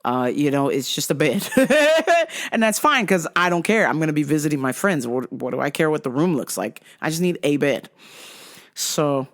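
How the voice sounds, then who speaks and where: A woman host telling a story in a casual, animated and profane way. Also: deep voice, moderate pace. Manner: animated, profane, laughing often.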